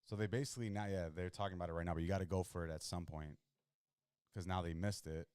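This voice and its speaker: A man hosting a live watch stream, chatting casually and reacting in excited bursts to a football game. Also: low voice, fast talker, clear, resonant tone, no echo, clean studio sound. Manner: excitable, chatty, jumps between worry and hype.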